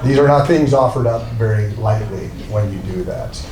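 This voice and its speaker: A man's voice: on the low side, normal speed. A man gives a rambling, heartfelt introduction, joking at his own expense as he goes. He sounds set back from the microphone in a roomy hall. Background noise runs steadily underneath him. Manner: rambling, self-deprecating, emotional. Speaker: art dealer introducing a speaker. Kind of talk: live introduction speech. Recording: roomy, distant from mic, with noise.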